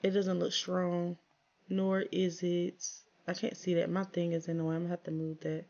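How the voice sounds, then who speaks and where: Casting note: woman gaming streamer, gravelly, slightly low voice, chatty and exasperated, lo-fi mic. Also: completely flat delivery, moderate pace, darkish tone. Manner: chatty, talks to viewers and her game characters, exasperated asides. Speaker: gaming channel host. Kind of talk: casual let's-play commentary.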